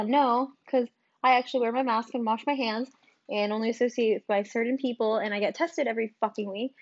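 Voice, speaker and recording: A woman's voice: a little high, steady tone, quick pace, dry recording, lo-fi sound. A young woman in her twenties hosting her own podcast in a rambling, casual chat full of ums, likes and swearing, still recovering from covid, with a cough and short breath. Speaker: podcast host.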